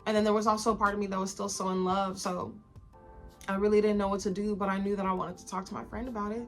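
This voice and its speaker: A woman's voice: medium pitch, flat delivery, fast, soft background music. A woman in her twenties telling a personal story in a candid, casual vlog style. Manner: candid, conversational, lots of fillers and swearing. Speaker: vlogger.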